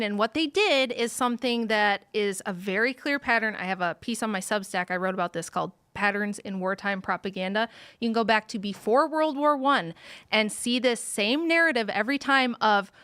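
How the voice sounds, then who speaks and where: A woman's voice: a little high, fairly bright tone, clear, resonant tone, dry recording. Woman guest on a political talk show. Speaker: podcast guest. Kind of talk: casual political chat.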